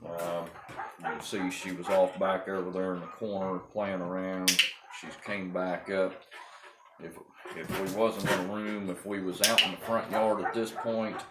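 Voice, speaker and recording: A man's voice: deep voice, level tone, unhurried. A man breeding and training dogs gives a casual, rambling talk on puppy training to a camera on the wall of a small room. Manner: folksy, rambling, with many ums and restarts. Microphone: fixed camera on the wall. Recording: echoey room with clear background noise.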